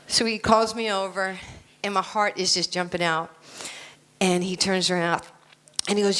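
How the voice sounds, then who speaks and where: Bright, forceful New York woman speaking. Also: medium pitch, fairly even intonation, normal speed, pauses often. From United States. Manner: blunt, emphatic, storytelling. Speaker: keynote speaker. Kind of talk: motivational speech.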